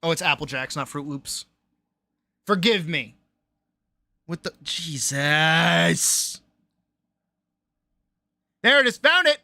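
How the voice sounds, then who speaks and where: A woman streamer chatting casually on a live stream, reacting loudly with exclamations, swearing and laughter. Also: low voice, animated, takes it slowly, vocal fry, pauses often, no echo. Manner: loud, exclamatory, swears freely, laughs often.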